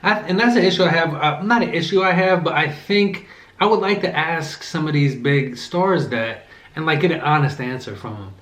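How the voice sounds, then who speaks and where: A man's voice: on the high side, normal speed, fairly bright tone. A man vlogging a casual movie review while eating, rambling with many fillers and self-corrections. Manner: eating between remarks. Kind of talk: casual chat. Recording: echoey room.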